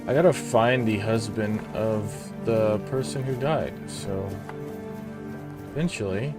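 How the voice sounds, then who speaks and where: A man casually commenting on his own video game play, thinking aloud in a relaxed, offhand way. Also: on the low side, takes it slowly, over loud music. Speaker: gamer.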